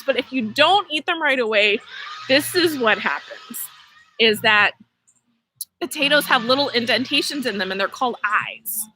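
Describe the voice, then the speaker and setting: Her voice is high, and she chats animatedly and playfully right to her viewers while hosting a casual live-stream gardening lesson for kids beside her vegetable garden outdoors. The audio is poor, with slight background noise.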